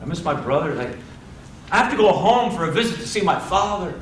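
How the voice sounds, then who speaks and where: An impulsive young warrior, earnest and stammering, as a man acts him out. The voice sits slightly high and is picked up from a distance in a roomy hall. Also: very animated, a little fast, slight background noise. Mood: yearning. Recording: roomy, distant live mic.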